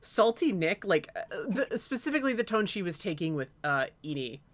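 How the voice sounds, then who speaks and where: A man's voice: sits high, big pitch swings, a little fast, a bit bright, no room sound. A man co-hosting a stream, chatting casually, rambling with frequent laughter and swearing. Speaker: streamer co-host. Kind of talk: casual chat.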